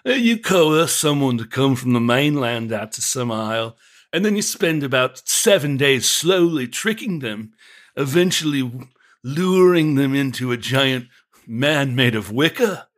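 Here the same improv guest voices a drunk islander who frequents the pub, with a British accent sliding toward Liverpool, laughing his way through grisly traditions as if they were nothing. The man's natural, medium-pitched voice moves at a measured pace with lively intonation.

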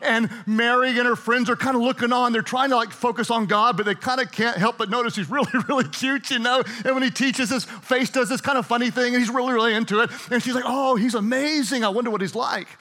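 A man's voice: extremely high pitch, fairly even intonation, quick pace, few pauses, sharp tone. A middle-aged man preaching a sermon, retelling a story in a playful, chatty way and laughing often. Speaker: pastor.

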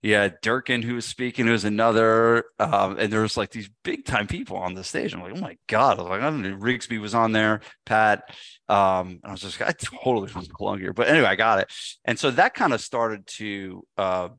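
A man's voice: lowish voice, a little fast, dry recording. A man, a podcast guest, telling a story in casual chat with lots of fillers and restarts. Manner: animated, many fillers and restarts. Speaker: podcast guest, gym business speaker.

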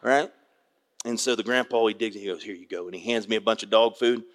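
An older man preaching a sermon, a pastor telling a fishing story with folksy, animated delivery and acting out the voices of the people in it. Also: on the low side, brisk, in a large hall. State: tearful at moments.

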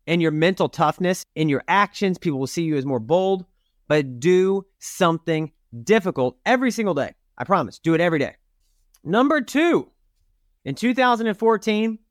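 A man's voice: on the high side, dry recording, clean studio sound. Emphatic middle-aged man giving motivational talk. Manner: direct and emphatic, addressing listeners as you. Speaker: podcast host and rodeo competitor.

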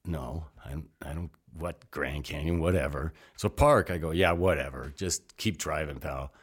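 A rambling older American man with a very low, deep voice spins loose, salty yarns as a guest. He jumps between asides and restarts, acting out the people in his stories. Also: normal speed, husky. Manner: rambling, animated storyteller, salty language. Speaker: interview guest. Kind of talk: casual storytelling.

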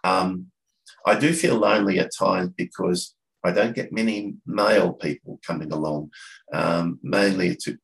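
A deep-voiced Australian man with a gravelly, creaky edge talks casually on a podcast. He stops and restarts his sentences often and fills the gaps as he looks for the right words. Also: fairly even intonation, poor audio. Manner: halting, with many restarts and fillers. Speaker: coffee catch-up organiser, podcast guest. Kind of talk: casual conversation.

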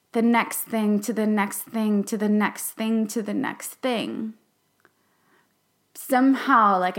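A young adult woman hosting a podcast, talking in an earnest, halting and emotional way, sometimes dropping to a whisper for emphasis. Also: fairly high pitch, a bit bright. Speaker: podcast host and class facilitator. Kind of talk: reflective podcast monologue.

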